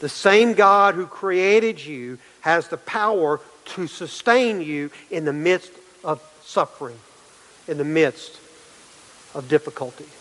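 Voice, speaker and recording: A man preaching a sermon as pastor, emphatic and repetitive, swinging between loud and quiet passages. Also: a little high, animated, takes it slowly, big-room sound, rough recording.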